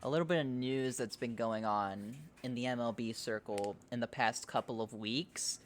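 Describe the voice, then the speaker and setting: Casual podcast guy, mid-pitched. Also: normal speed, slight background noise. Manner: loose and rambling, swears and laughs easily. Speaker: podcast host. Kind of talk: casual chat.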